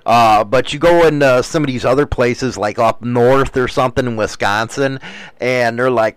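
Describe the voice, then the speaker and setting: A man's voice: mid-range voice, normal speed, clear, resonant tone, no room sound, low-quality recording. A married man rambling casually in a profane way, full of fillers and calls of "man". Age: adult, married.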